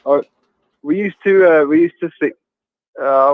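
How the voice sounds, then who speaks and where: Bloke cracking crude jokes on a video call, laughs a lot, lots of ums, sounds thin and phone-like, dry, no room. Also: male voice, a little high, dry recording. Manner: crude joking, laughs often, halting with fillers. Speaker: guest on a livestream chat. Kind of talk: casual banter.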